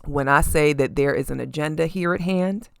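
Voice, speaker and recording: A woman hosting a podcast, giving sassy, animated celebrity gossip commentary and often tossing in "okay?" asides. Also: deep voice, moderate pace, gravelly, clear, resonant tone, no echo, studio quality. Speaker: podcast host.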